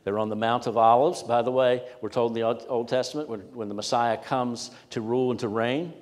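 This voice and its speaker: A male pastor preaching an expository sermon. He swells with emphasis on key phrases and drops to quiet asides. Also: mid-range voice, steady tone, fairly quick. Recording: long hall reverb.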